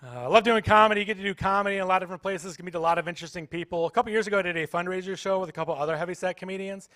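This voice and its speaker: A man's voice: high-pitched, very fast, fairly bright tone, no room sound. A man doing stand-up comedy at a church, playfully teasing the audience. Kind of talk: stand-up comedy with crowd work. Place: church stage.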